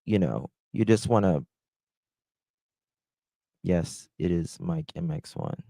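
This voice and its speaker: Man, live-stream host, slow unhurried talk, dry close sound. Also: low voice, sing-song, gravelly, warm tone, no room sound. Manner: rambling, hesitant, affectionate toward chat. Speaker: livestream host. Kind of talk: casual live-stream chat.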